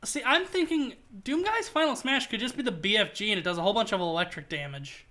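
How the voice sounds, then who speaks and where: Game streamer, casual chat, bright crisp voice, jokey rambling. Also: medium pitch, animated, fast.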